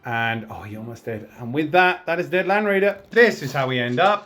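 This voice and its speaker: A man narrating his moves in a tabletop wargame, chatty and self-mocking, getting excited over dice rolls. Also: mid-range voice, brisk. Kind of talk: casual battle report commentary.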